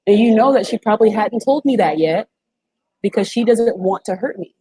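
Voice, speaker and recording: A woman in her twenties talks through a video call in an emphatic, slang-filled, casual way. Her voice is mellow and slightly husky, never sharp or bright. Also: medium pitch, expressive, brisk, no echo, poor audio. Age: 20s. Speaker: guest, former reality show contestant. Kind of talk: casual interview chat.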